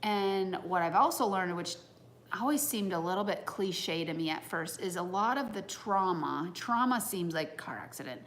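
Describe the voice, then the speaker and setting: An earnest woman in her thirties speaks in a fairly low voice, musing aloud in a casual talk on personal growth. Her delivery is heartfelt and reflective, with faint background noise. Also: animated, normal speed.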